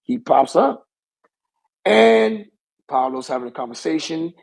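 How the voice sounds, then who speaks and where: A man's voice: on the high side, animated, measured pace, gravelly, rough recording. A young man, a pro wrestler guest, telling a rambling story in casual talk and circling back with the same stock phrase.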